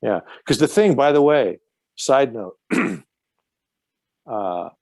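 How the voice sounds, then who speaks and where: A man's voice: medium pitch, animated, slow, a little mellow, dry recording. A man telling stories as a podcast guest in casual chat, profane and rambling with many restarts.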